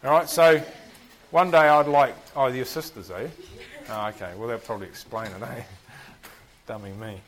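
A man's voice: medium pitch, steady tone, normal speed, pauses often, poor audio. A man with a New Zealand accent teaching a Bible class, quizzing the group and joking at his own expense. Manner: chatty, self-deprecating, asks the group questions.

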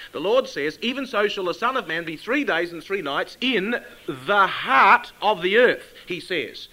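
Bright-voiced man teaching scripture. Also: high voice, rough recording. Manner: asks the listeners questions, reads scripture aloud slowly and with emphasis. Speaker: Bible teacher. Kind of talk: expository Bible class.

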